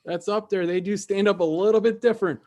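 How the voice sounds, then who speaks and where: A man's voice: sits high, fairly even intonation, fast, darkish tone. A man hosting a live comedy show, chatting and riffing between acts before introducing the next comedian.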